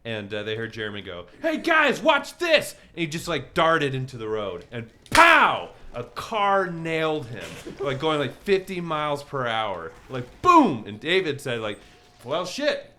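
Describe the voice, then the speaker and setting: A man co-hosting, telling a rambling, profane story in casual chat over gameplay, full of "like" and loud acted-out quotes. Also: medium pitch, big pitch swings, moderate pace, hardly any pauses. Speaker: co-host.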